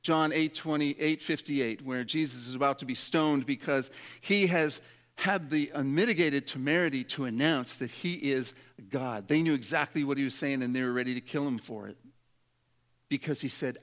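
A man's voice: medium pitch, normal speed, fairly bright tone. A man preaching a sermon, dramatic, dropping his voice to act out prayers and quotes. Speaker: pastor.

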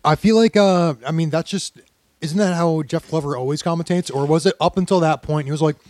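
A man on a podcast, chatting casually and tossing in quick jokes. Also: fairly high pitch, a little mellow. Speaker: podcast co-host.

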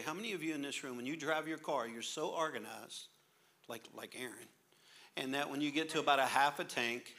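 Bright-voiced joking male pastor. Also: mid-range voice. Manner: jokey, animated, laughs through his lines. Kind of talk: humorous sermon storytelling.

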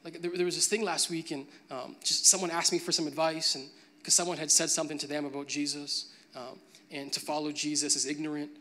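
A man's voice: a little high, flat delivery, brisk, pushed and bright. A man preaching a sermon, moving from a conversational tone to emphatic, building preaching. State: briefly choked up with emotion.

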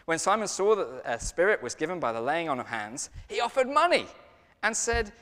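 A man preaching a sermon in a lively, conversational storytelling way. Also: on the high side, fairly quick, in a large hall.

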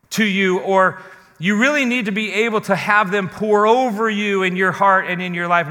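A man with a high, bright voice preaches a sermon with earnest conviction. He puts questions straight to his listeners and slows down to stress the words that matter. His voice rings out with a long hall reverb. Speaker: pastor.

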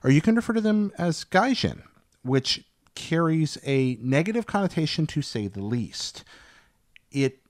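A man's voice: fairly high pitch, sing-song, unhurried. A man co-hosting a podcast, chatting casually and explaining things to listeners with wry humor. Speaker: podcast co-host. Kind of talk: casual chat.

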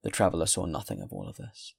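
A man reading a classic novel aloud in a steady, measured narration. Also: a bass voice, creaky, breathy edge. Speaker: audiobook reader.

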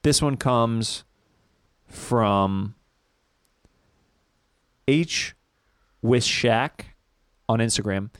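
A man's voice: medium pitch, drawn-out words, long pauses, a bit bright, smooth, dry recording. Young male host, upbeat and playful, dry and close. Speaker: podcast host. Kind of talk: casual chat.

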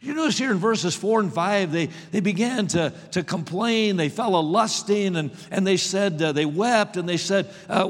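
A high-voiced male preacher gives a sermon slowly and emphatically, frequently repeating the first words of a phrase before landing it. A long reverb makes his voice ring out as though filling a large hall.

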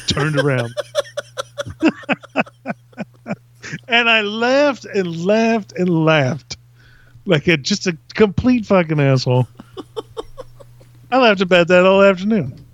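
A man from Virginia, a podcast guest telling comic stories in an animated way and laughing as he goes. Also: on the high side, dry recording. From Virginia, USA. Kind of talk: comic storytelling. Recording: dull lo-fi dry recording.

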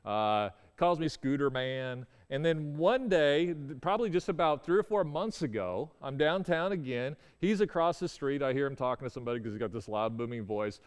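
A man tells a personal story in a voice that is neither high nor low. His delivery is halting and full of restarts. His resonant voice carries a long reverb tail, as if he is in a hall. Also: animated, smooth.

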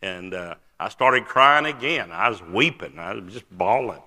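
An older man, preaching a testimony sermon and telling his story earnestly with many "uh" pauses. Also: lowish voice, animated, sharp tone. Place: large church sanctuary. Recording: long church-hall reverb.

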